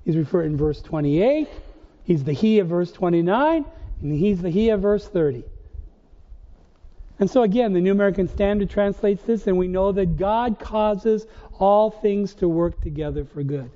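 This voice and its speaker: A man's voice: sits high, expressive, moderate pace, warm tone. A man preaching a sermon as pastor, firing rhetorical questions with emphatic rises. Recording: dull, lo-fi recording in a reverberant church hall.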